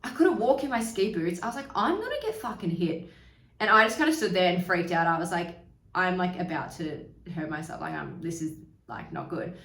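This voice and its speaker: A young woman tells a candid personal story in a casual, chatty way, slipping in swear words and acting out what people said. Her voice sits a little low. She sounds set back from the mic in a roomy space. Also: expressive, brisk, fairly bright tone, recorded from a distance. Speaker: podcast host.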